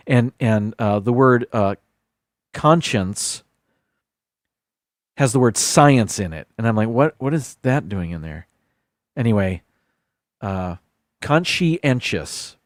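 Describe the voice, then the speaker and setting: A man's voice: medium pitch, darkish tone, dry recording, clean studio sound. A man hosting a live stream in casual chat, rambling and repeating words while he thinks.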